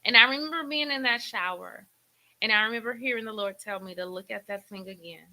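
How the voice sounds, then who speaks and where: A middle-aged woman hosting a faith talk show, sharing a deeply emotional personal testimony in a preacherly way, often repeating her words. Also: fairly quick, pushed and bright, low-quality recording.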